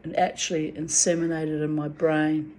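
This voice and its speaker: A woman's voice: sits low, level tone, moderate pace, a little mellow, slight background noise. A woman speaking in a raw, emotional monologue, venting and swearing about love and men. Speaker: spiritual vlogger.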